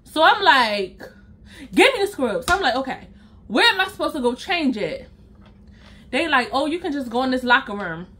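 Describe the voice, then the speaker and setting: A woman's voice: high voice, very animated, moderate pace, fairly bright tone. A young woman vlogger telling a story in a casual way, speaking straight to her viewers and acting out her own reactions.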